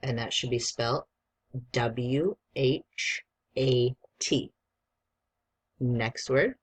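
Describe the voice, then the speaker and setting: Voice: medium pitch, breathy edge. A teacher giving a spelling dictation lesson, spelling each word out letter by letter in a patient, encouraging way. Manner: slow, deliberate dictation, spelling words out letter by letter; encouraging, patient instructions to a young student.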